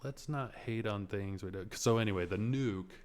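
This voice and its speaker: A man's voice: fairly low pitch, normal speed, a little mellow. A man talking casually as a podcast host, rambling and sarcastic, swearing freely and laughing often as he vents. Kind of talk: casual movie rant.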